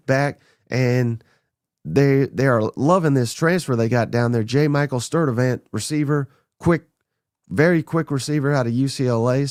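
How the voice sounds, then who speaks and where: Excitable man, dry close mic. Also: medium pitch, no room sound. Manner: blunt, excitable, runs through names rapid-fire. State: a little under the weather. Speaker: podcast host. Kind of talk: casual sports talk monologue.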